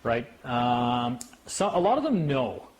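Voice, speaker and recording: A man in casual talk to a small group, an animated storyteller who mimics officials in a higher voice. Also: slow pace, slight background noise. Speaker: speaker.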